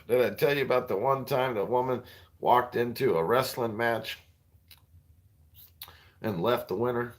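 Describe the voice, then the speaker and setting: Guy in his 40s doing crude jokes on a livestream, mid-pitched, rambly, laughs at his own stuff. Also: a little slow, long pauses. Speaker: livestream host. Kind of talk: crude stand-up style banter with viewers.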